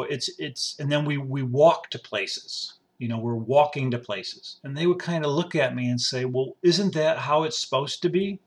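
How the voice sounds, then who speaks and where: A man hosting a podcast, musing aloud in a rambling personal monologue with frequent restarts. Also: medium pitch. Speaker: podcast host. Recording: faint music behind.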